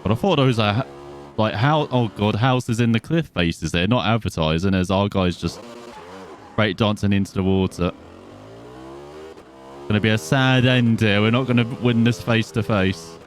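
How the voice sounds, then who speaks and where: A man's voice: fairly low pitch, normal speed, soft background music. A man giving casual, self-mocking commentary while playing a racing game. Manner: chatty, self-mocking, easily distracted. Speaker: gaming video host.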